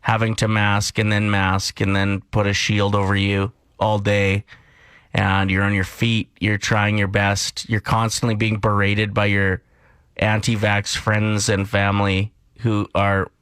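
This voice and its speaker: A man's voice: lowish voice, measured pace, smooth, dry recording. A man from Canada co-hosting a morning radio show, ranting and telling stories in casual chat. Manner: animated, ranting and storytelling.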